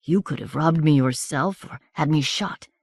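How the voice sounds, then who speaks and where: A woman reading the lines of a delirious wounded young soldier in an audiobook, speaking softly and at times in a near whisper. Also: sits low, moderate pace, no echo, studio quality. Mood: pleading. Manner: soft, murmured, at times whispered.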